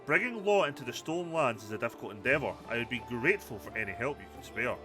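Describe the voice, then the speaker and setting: A man voicing a humble older male high priest in a game, speaking calmly and courteously. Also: fast talker, over music, natural voice.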